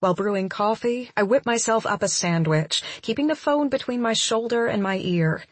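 A young woman narrating a first-person romance audiobook in an expressive, intimate inner-monologue style. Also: fairly high pitch, moderate pace, dry recording.

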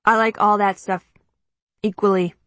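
A woman's voice: medium pitch, little pitch movement, moderate pace, a bit bright, no room sound, natural voice. A woman reading an audiobook, voicing a laid-back, teasing teenage boy. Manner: easygoing, teasing.

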